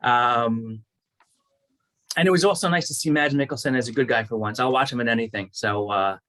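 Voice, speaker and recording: A man chatting casually about a movie, speaking haltingly with many restarts and fillers. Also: mid-range voice, a bit bright. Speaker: movie club panelist. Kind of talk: casual chat.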